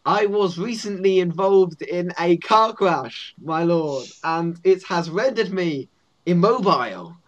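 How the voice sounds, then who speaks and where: A man's voice: high-pitched, expressive, takes it slowly, highs cut off, pitched above the performer's own voice. A man voicing a male goblin guard who speaks in stiff, mock-archaic phrases and stumbles over his words. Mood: flustered. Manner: mock-archaic, stammering and formal.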